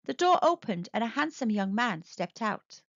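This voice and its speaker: Expressive woman storybook reader, higher voice, dry dull recording. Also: normal speed, no echo. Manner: expressive, animated. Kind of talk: children's storybook read-aloud.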